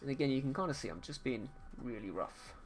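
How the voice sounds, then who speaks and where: A man's voice: mid-range voice, fast, faint music behind. A man, casually teaching digital painting live while he paints. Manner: relaxed, chatty, talks while painting.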